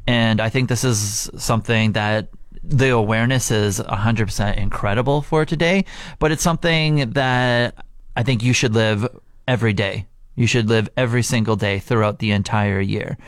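A man's voice: fairly low pitch, moderate pace, no room sound, studio quality. Upbeat man co-hosting morning radio. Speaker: radio show co-host. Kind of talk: casual morning radio chat.

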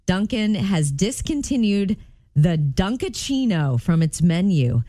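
A female morning radio co-host with a fairly low, mellow voice, recorded dry and close on a studio mic. She reads short items in a friendly way with light humor. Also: sing-song, unhurried, no echo. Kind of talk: casual morning show banter. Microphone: studio microphone.

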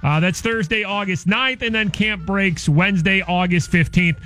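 A male morning radio host, energetic and playful, reading listener tweets at a studio microphone. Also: sits high, normal speed, faint music behind.

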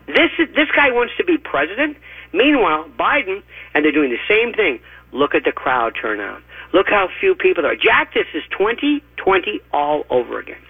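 A man giving emphatic, rapid-fire opinionated commentary as a radio guest, with a husky voice and mocking asides, heard over a phone line. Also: high voice, dry recording. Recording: tinny dry phone line.

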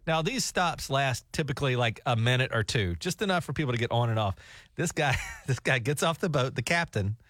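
A man's voice: mid-range voice, fairly bright tone, no echo, clean studio sound. A man on a talk show, telling a rambling, jokey travel story with laughs. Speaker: radio show co-host. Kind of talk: casual storytelling chat.

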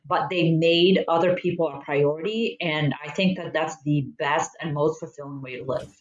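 A woman's voice: low voice, fairly even intonation, moderate pace. Woman guest on a podcast, earnest and reflective, kinda roomy and a bit muffled. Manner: earnest, reflective, quotes her parents. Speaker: guest, police recruitment director. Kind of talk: conversational interview storytelling.

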